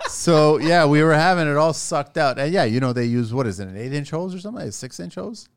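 A man hosting a podcast, casually telling a lively story with frequent laughs and loose swearing. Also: a little high, brisk, clean tone. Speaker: podcast host.

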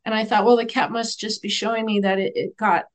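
A woman who works as an animal communicator tells a story as a guest on an interview show, earnest and gentle, acting out the dialogue. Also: medium pitch, brisk. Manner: animated, acts out the dialogue in her stories.

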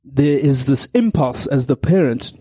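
A man's voice: medium pitch, expressive, measured pace, warm tone, husky, no room sound. A man in his thirties, co-hosting a live show and telling rambling, playful stories with frequent laughter. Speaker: radio co-host. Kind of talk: casual on-air banter.

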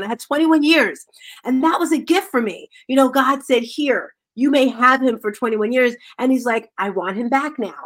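A woman hosts a talk show in an effusive, candid manner, chatting freely with her guest. Her voice sits a bit high and carries plenty of emotion. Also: a bit bright. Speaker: host. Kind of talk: casual interview chat.

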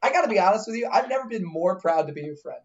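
A man's voice: lively intonation, very fast, over a noisy crowd. A man co-hosting a casual podcast, joking, laughing and asking the guest questions. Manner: joking, laughing, swings pitch a lot. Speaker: podcast co-host. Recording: dull lo-fi podcast mic.

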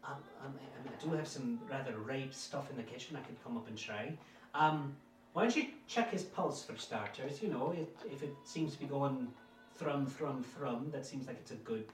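Played by a man, a fussy old housekeeper frets in a high, prim, flustered voice full of genteel phrasing. The sound is roomy and a little off the mic, with faint music underneath. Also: normal speed, recorded from a distance, lightly acted. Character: fussy, fretful older housekeeper woman.

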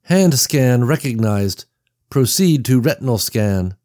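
A man voicing a computerized security system that announces scan results in flat, measured phrases. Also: mid-range voice, no room sound, clean studio sound, pitched above the performer's own voice. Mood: mechanical. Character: cold female computer security voice.

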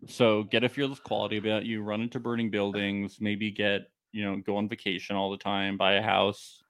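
A man's voice: lowish voice, little pitch movement, fairly quick, a bit bright, no echo. Laughing, joking man in casual chat. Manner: joking, often laughing, quoting people in put-on voices. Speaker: podcast co-host. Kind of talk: casual chat recapping a reality show.

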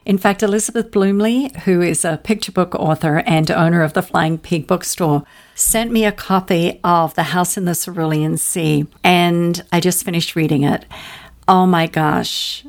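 Woman interviewer, somewhat low pitch, friendly questions. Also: a little slow. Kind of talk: casual interview.

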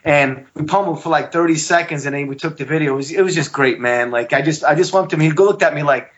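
An animated man swapping stories on a podcast, his voice sitting a little high and shooting up further when he gets worked up. The sound is slightly dull and lo-fi, like a modest home setup. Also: fast talker. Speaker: podcast guest. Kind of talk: casual storytelling chat.

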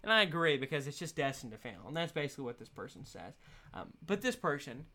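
A man hosting a casual solo podcast, rambling and laughing his way through his points. His pitch swoops up and down in a lively way. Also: quick pace. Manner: giggly, animated, rambling with fillers and laughs. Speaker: podcast host.

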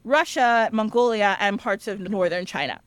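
A young woman hosting a podcast, casually retelling an old tale in a chatty, animated way with lots of "like" fillers. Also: medium pitch, moderate pace, clean tone, dry recording. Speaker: podcast host. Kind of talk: casual storytelling.

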